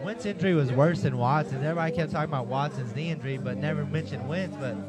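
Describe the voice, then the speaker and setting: A man's voice: fairly high pitch, fast, loud music behind the voice. A man co-hosting a fantasy football show from a sports bar, with laid-back, joking banter. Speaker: fantasy football podcast co-host. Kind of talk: casual live sports chat.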